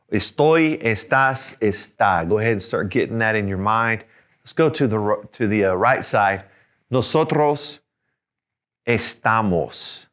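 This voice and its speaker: A man's voice: medium pitch, a bit bright. Patient male Spanish teacher. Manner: patient, repeats and slowly spells out words, often checks "okay?". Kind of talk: classroom-style grammar lesson.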